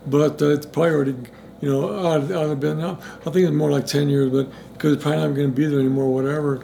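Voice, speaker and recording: A man's voice: fairly high pitch, fairly even intonation, fast, vocal fry, warm tone, slight background noise. A middle-aged man telling a personal recovery story in a rambling way, full of restarts and acted-out dialogue. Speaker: interviewee in recovery.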